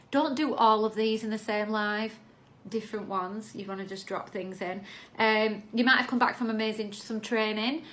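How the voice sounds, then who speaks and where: A woman's voice: mid-range voice, normal speed, fairly bright tone, a little hiss or hum. A woman, coaching viewers in a chatty, upbeat way on a live video and acting out sample lines.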